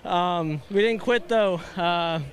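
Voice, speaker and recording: A high-voiced man, just out of his race car and still out of breath. He rattles off excited thank-yous in a post-race interview outdoors at the track. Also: slow pace. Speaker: race-winning driver. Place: victory lane at a racetrack, outdoors.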